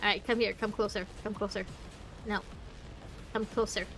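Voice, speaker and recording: A woman streamer giving live commentary while playing a game, reacting out loud and reading the story text aloud. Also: medium pitch, level tone, normal speed. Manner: reactive, exclaims and groans at the game. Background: faint game music.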